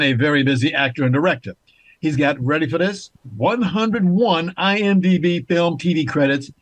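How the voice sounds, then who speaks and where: A man's voice: on the high side, no room sound, poor audio. A man hosting a talk show, speaking emphatically and repeating key points for viewers.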